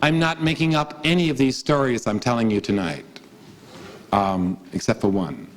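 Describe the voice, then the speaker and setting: A man telling a theatrical story as a monologue, wry and stammering, repeating words as he goes. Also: mid-range voice.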